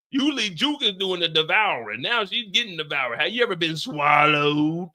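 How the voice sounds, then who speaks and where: High-voiced man, joking reaction host, swears freely. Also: sing-song, a little fast, hardly any pauses. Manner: loud, profane, joking. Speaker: streamer recapping a TV episode. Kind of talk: animated reaction commentary.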